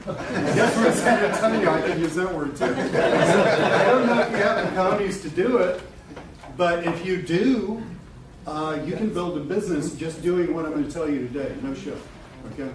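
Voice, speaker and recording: A middle-aged man giving a live seminar talk to an audience. He is animated and blunt, laughs often and swears casually. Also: high-pitched, normal speed, over a noisy crowd. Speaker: marketing coach presenting a seminar. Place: event room with a live audience. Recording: echoey room from a distance, noisy.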